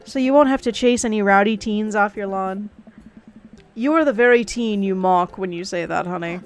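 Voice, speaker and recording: A woman's voice: mid-range voice, normal speed, faint music behind. A woman streamer reading a dating game aloud, playing the dad and narrating, with casual, wry asides.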